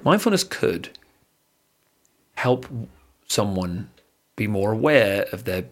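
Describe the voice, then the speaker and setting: A man, co-hosting a casual surf podcast and guiding a breathing exercise, lively and laughing, swearing casually. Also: lowish voice, slow. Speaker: podcast co-host. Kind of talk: casual chat with guided breathing.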